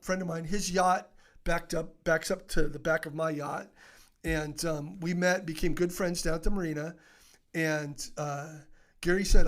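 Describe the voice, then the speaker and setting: A middle-aged man telling stories as an interview guest, animated and laughing often, full of fillers and restarts. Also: a little high. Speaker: podcast guest, author. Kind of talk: casual interview storytelling.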